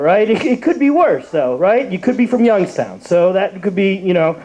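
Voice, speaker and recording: A man's voice: high voice, big pitch swings, moderate pace, hardly any pauses, warm tone, muffled recording. A young man from Cleveland doing a rambling open mic stand-up set, full of fillers and restarts. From Cleveland, Ohio.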